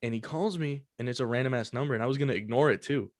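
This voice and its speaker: A man's voice: medium pitch, rapid-fire, dry recording, studio quality. A young man hosting a podcast, telling a personal story in casual, profane chat full of fillers. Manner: loose and profane, many fillers. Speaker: podcast host.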